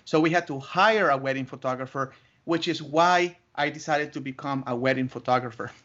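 A man telling his story as an interview guest, lively, laughing often and acting out other voices. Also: mid-range voice, fairly quick. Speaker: interview guest, wedding photographer. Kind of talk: animated storytelling. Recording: muffled lo-fi audio.

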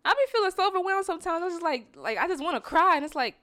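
A young woman, co-hosting a casual chat, soft-spoken and earnest with frequent giggles. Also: very high-pitched, animated, very fast, no room sound, studio quality. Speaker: podcast co-host.

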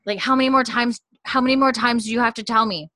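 A woman's voice: on the high side, steady tone, quick pace, bright, forceful tone, no room sound, pitched above the performer's own voice. A woman voicing an exasperated young woman who is fed up with being questioned, raising her voice and pleading.

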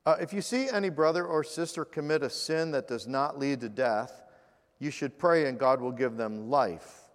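A man preaching a sermon as pastor, earnest, slowing down for scripture and dropping to a hush in prayer. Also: medium pitch, in a large hall.

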